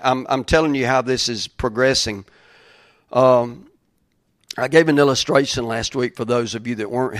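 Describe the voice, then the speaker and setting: A middle-aged pastor preaching a sermon, halting with many fillers and then building to fervent emphasis. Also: male voice, mid-range voice, no echo, studio quality.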